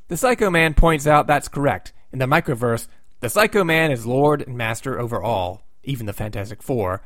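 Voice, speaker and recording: A man's voice: medium pitch, no room sound, studio quality. Sarcastic man recapping comics. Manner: sarcastic, with wry asides. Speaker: comic book recap host. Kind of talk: comic book plot recap.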